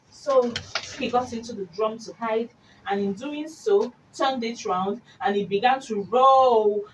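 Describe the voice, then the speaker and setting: A woman hosting a children's radio show, reading stories aloud in an expressive, slow, animated way. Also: a little high. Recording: distant mic with faint hiss.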